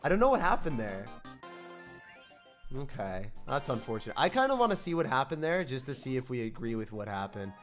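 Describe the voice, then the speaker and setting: A man giving excited, self-mocking commentary over his own gameplay, full of gamer slang, swinging from hype to groans. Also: mid-range voice, fairly quick, soft background music. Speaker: gaming creator.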